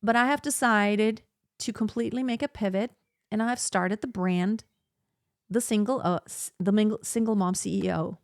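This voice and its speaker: Medium-pitched and moderately paced, this woman's voice comes through in studio quality with no echo. As a podcast host, she chats reflectively about advice, her speech heavy with "like."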